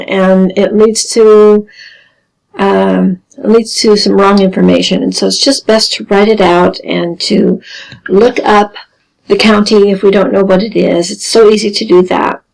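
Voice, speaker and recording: A woman teaching a genealogy lesson, explaining carefully with dry deadpan humor. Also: mid-range voice, creaky, rough recording. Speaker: genealogy instructor. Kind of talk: recorded lesson over slides.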